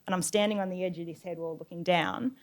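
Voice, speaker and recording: A woman's voice: lowish voice, fairly even intonation, fast. A young adult woman giving an informal talk to an audience, telling stories with laughs and fillers between slides. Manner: chatty storytelling with laughs and fillers. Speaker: guest speaker.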